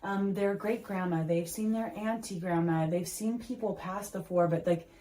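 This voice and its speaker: A woman's voice: on the low side, steady tone, moderate pace, dark tone, poor audio. A woman in her thirties, a podcast host, telling a heartfelt family story in a casual chat, with lots of fillers and restarts.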